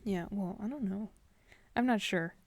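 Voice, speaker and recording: A young woman chats on a podcast, retelling a workplace run-in with lots of acted-out quotes and laughter. Her voice sits in a middle pitch. The sound is close and dry. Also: moderate pace, dry recording. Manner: animated retelling, acts out quotes, laughs often. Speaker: podcast co-host. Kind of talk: casual storytelling chat.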